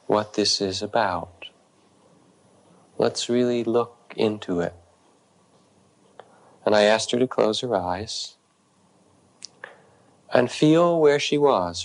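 A man, a meditation teacher, telling a story in a soft-spoken, unhurried way with pauses between short phrases. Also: on the low side, vocal fry, low-quality recording. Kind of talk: storytelling dharma talk.

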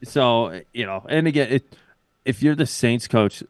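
A man's voice: mid-range voice, expressive, unhurried, dry recording, studio quality. A man co-hosting a podcast in casual sports chat, laid-back and jokey, often saying "like". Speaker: podcast co-host.

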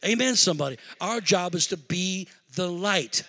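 A man preaches a sermon, his voice sitting high and sounding bright and forceful. He moves from quiet personal storytelling into fervent, rising exhortation. He sounds middle-aged and speaks with the ease of a practiced pastor. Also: expressive, moderate pace.

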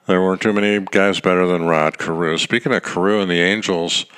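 A middle-aged man with a very low, deep voice hosts a solo podcast. He talks in a loose, rambling, wisecracking way, like casual chat about the game. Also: fairly even intonation, a little fast, fairly bright tone, clean tone. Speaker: podcast host. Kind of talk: casual solo baseball commentary.

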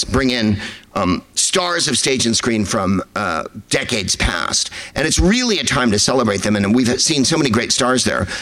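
Male comedian, digressive anecdotes, lively sing-song pitch, wry tone. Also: low-quality recording. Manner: wry, digressive, quick impressions of others. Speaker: comedian telling stories. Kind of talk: rambling storytelling to a live audience.

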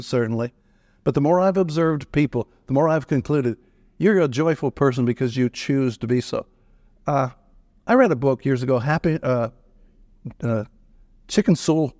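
A man's voice: mid-range voice, a little mellow, no echo, studio quality. An older man giving a folksy, humorous sermon-style radio talk that quotes scripture. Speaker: radio speaker on retirement.

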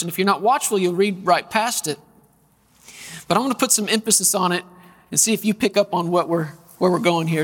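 A man preaching a sermon, telling family stories and reading scripture with drawn-out emphasis. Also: high voice, fairly bright tone. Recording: long echo of a large hall.

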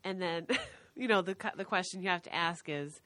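A woman's voice: fairly low pitch, normal speed, fairly bright tone, no echo. A woman in casual chat, telling an anecdote and quoting other people's voices.

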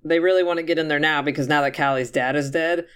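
A young man with a fairly high voice tells a movie's plot in loose, casual podcast chat. He keeps it animated and profane, and he laughs a lot as he goes. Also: quick pace, smooth. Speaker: podcast host.

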